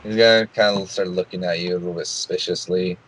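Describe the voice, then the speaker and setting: Game master, man, lowish voice, halting narration with lots of restarts. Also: steady tone, fairly bright tone, low-quality recording. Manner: hesitant, many restarts and fillers.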